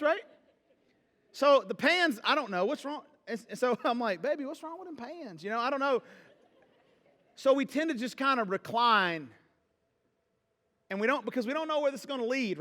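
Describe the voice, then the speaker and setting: Pastor guy preaching, high bright voice, chatty and jokey, big echoey church. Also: animated, normal speed, long pauses. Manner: conversational, joking with the congregation. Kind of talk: sermon. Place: church hall.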